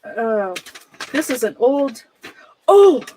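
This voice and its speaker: Chatty middle-aged woman, a touch high. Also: very animated, slow, darkish tone, a little hiss or hum, rough recording. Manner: chatty, rambling, greets viewers by name. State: nervous and shaky. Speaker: livestreamer. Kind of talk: casual livestream chat while sorting a closet.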